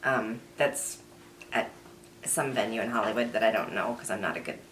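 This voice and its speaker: A woman's voice: rumbling low, moderate pace, a bit bright, a little hiss or hum. A woman voice actress and comedian chatting casually and rambling during a makeup session. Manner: chatty, rambling, self-deprecating. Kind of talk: casual chat. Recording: echoey room.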